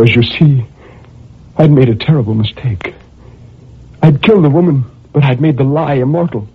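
Radio drama lead: a husky, unhinged killer pacing his cell, on a dull, muffled old broadcast recording. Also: fairly low pitch. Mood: raving. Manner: swings between manic laughter and brooding menace. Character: tormented male murderer raving in his cell.

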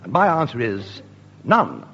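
A man doing radio sketches with brisk, animated comic timing. The recording is dull and lo-fi, with clear noise hiss behind him. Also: mid-range voice. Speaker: radio comedy performer.

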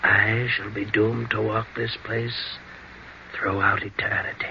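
A man with a lowish voice and flat, unhurried delivery acts in a 1940s radio drama as the solemn ghost of a dead man come back to make amends. He sounds gravelly and at times hushed, and the dull lo-fi recording carries slight background noise.

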